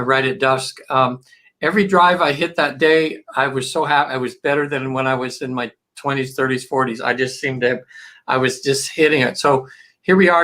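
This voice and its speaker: A man in his fifties or older, telling an anecdote in a chatty, animated way during a panel discussion. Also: medium pitch.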